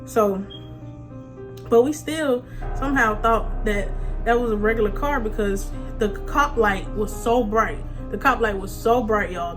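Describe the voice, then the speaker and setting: A woman vlogger telling a funny story in a slangy, animated way, often breaking into laughs. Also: medium pitch. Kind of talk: storytime vlog.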